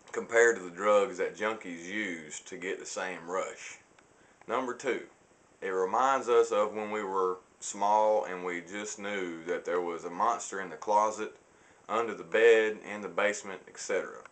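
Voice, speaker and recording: A young man giving a prepared class speech, formal and slightly halting, with a few restarts. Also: on the low side, a bit bright.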